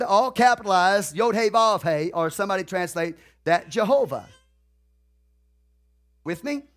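Preaching in a high-pitched, slightly bright voice, this man repeats key phrases slowly and deliberately and asks the congregation questions.

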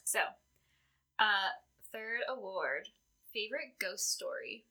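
With a mid-range, expressive voice and a sharp tone, a woman takes it slowly while hosting a podcast that presents fan awards. Her talk is casual and chatty, sprinkled heavily with "like."

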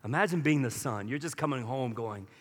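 A man's voice: medium pitch, expressive, brisk, breathy edge, big-room sound. A man preaching a sermon as pastor, talking conversationally and acting out quoted lines with rising energy.

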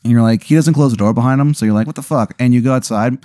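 Mellow man narrating a rambling hypothetical. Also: mid-range voice, racing, no echo, clean studio sound. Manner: rambling, full of "like" and "kinda". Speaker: host running an improvised hypothetical. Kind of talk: improvised comedic storytelling.

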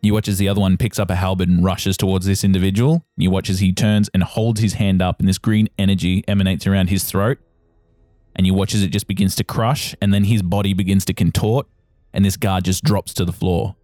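A very low-voiced man guiding a tabletop game, calmly describing each scene to the players. The sound is dry and close, with faint music playing behind. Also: fairly quick, no echo. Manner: steady, descriptive narration with repeated "you watch". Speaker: game master.

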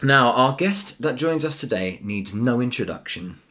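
A man's voice: mid-range voice, expressive, normal speed, bright, forceful tone. A man co-hosting a comedy podcast, introducing guests with a showy, announcer-like delivery. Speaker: podcast co-host. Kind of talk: casual comedy chat.

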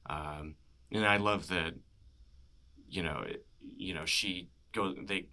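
Low, bright and forceful, his voice moves slowly through a casual chat about movies. He rambles along, packs in plenty of "you know" fillers and laughs frequently.

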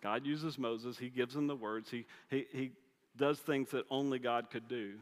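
A man's voice: mid-range voice, fairly even intonation, moderate pace. A man preaching a sermon, retelling a scripture story conversationally with humorous asides. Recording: long hall reverb.

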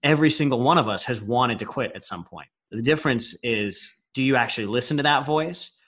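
A man's voice: medium pitch, a little fast, fairly bright tone. A man hosting a coaching podcast interview, talking candidly and encouragingly, with casual swearing. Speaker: business coach and podcast host.

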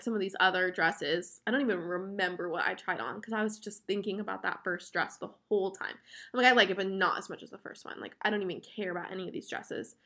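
A woman's voice: fairly high pitch, fairly bright tone. A young woman hosting a podcast, telling a casual, chatty story and quoting herself a lot. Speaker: podcast host.

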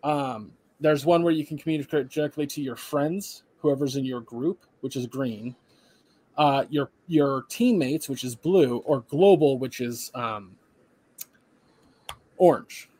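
A man's voice: medium pitch, a little slow, slightly rough, no echo. A tired young man, a podcast co-host, casually retelling a work story and acting out the voices of the people in it. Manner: animated retelling, acts out quoted voices, swears casually.

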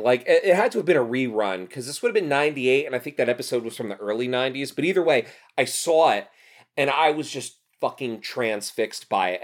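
A man in his thirties from New Jersey, telling stories in a casual podcast chat, animated and full of swearing. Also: mid-range voice. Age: 30s. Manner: animated, profane storytelling.

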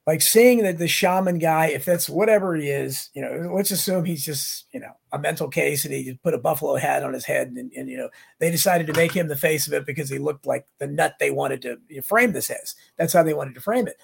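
A man's voice: fairly high pitch, a little fast, vocal fry, few pauses, slightly rough. A male show host talking about politics casually, rambling from one tangent to the next. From United States. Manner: rambling, animated, jumps between tangents.

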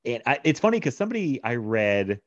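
A man's voice: medium pitch, big pitch swings, brisk, dry recording. A man in casual film discussion, talking in a rambling, enthusiastic way and laughing often. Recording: dull lo-fi sound.

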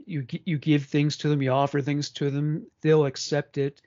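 A man in his forties chats bluntly and crudely as a podcast co-host, with a voice that sits a little high for a man. The recording sounds dull and lo-fi. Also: level tone, normal speed, warm tone. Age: 40s. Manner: frank, rambling, crude. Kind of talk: casual chat.

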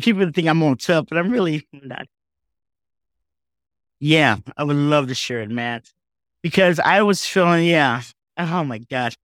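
A man speaking as a podcast guest, telling a personal story with heartfelt, animated emotion and frequent asides like "okay?" and "man". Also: a little high, no room sound, studio quality.

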